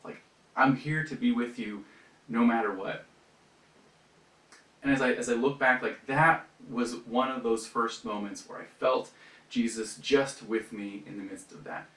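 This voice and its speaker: A young man speaking at a retreat tells his faith story slowly, his medium-pitched voice fairly bright. His delivery is reflective and chatty, full of fillers and false starts, captured roomily from afar.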